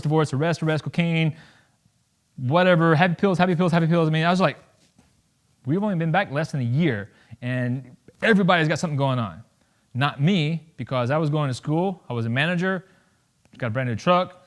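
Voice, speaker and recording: A man in his thirties speaks to an audience as a veteran, blunt and joking. His voice sits a little high for a man. He acts out the conversations he tells about, and his loudness swings widely between them. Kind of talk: public talk to an audience.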